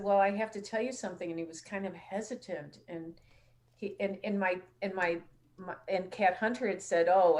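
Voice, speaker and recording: A woman hosting a casual call-in show, telling stories in a chatty way and acting out what others said. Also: on the low side. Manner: chatty storytelling, acts out quoted dialogue. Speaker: show host.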